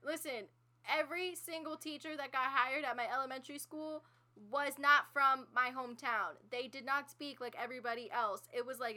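A young woman from Texas co-hosting a podcast, teasing her friend with quick sarcastic quips. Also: high-pitched, steady tone, sharp tone. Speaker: podcast co-host. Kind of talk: casual chat.

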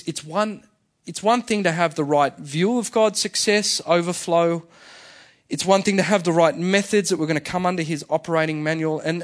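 A male senior pastor giving a sermon in a conversational way, often restarting his phrases. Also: a little high. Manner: conversational, with frequent fillers and restarts.

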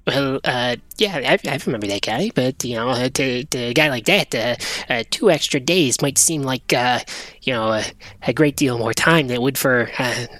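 A man's voice: mid-range voice, moderate pace, fairly bright tone, no room sound, pitched below the performer's own voice, natural voice. A man voicing a small, nervous blue gremlin who rambles and stammers with constant fillers. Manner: stammering, full of uh and you know.

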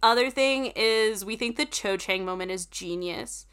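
A woman's voice: fairly high pitch, measured pace, fairly bright tone, clean tone. A woman co-hosting a podcast, chatting casually and rambling with lots of filler words. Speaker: podcast co-host. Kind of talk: casual chat.

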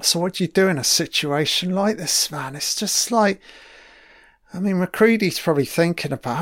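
Recorded dry with studio quality, a man with a high-pitched, somewhat bright voice talks at normal speed over a film. His audio commentary is casual and enthusiastic, full of free swearing and rambling asides that trail off.

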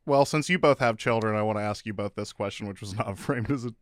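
A man's voice: fairly low pitch, quick pace, no echo, clean studio sound. A man in his thirties hosting a podcast, asking the questions with a wry humor. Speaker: podcast host. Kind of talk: casual chat.

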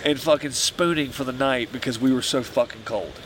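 A man's voice: medium pitch, brisk, fairly bright tone, poor audio. Young guy telling a campfire story, swears nonstop, says like and bro a lot, outdoor noise behind him. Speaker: former Marine telling a story. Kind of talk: casual storytelling around a campfire.

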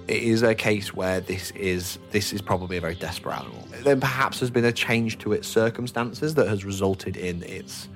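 A man's voice: fairly low pitch, brisk, few pauses, faint music behind. A man narrating as game master in an easygoing, hesitant manner. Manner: easygoing, hesitant, many fillers and restarts.

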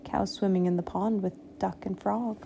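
A woman reading a picture book aloud, slow and expressive, giving the animals little voices. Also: medium pitch, creaky, background noise. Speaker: storybook reader.

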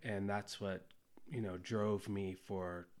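A man in his forties, a chef and podcast guest, telling stories in a relaxed way with lots of fillers. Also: fairly low pitch, takes it slowly. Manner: relaxed storytelling with many fillers. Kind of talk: casual conversation.

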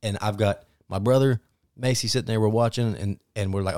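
A man in his thirties co-hosting a casual sports podcast, bantering with animated, profane enthusiasm. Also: fairly low pitch, a little fast, no echo, studio quality. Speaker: podcast co-host.

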